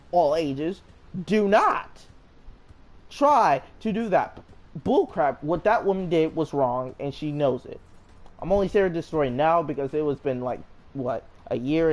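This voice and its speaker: A man telling a story in a casual storytime monologue. He rambles with energy and keeps restarting his sentences. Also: on the high side. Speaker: storyteller vlogger.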